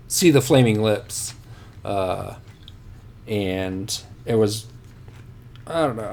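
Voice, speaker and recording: A man's voice: fairly low pitch, a little mellow. A man telling rambling, profane stories about himself as a podcast guest. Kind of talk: casual podcast storytelling.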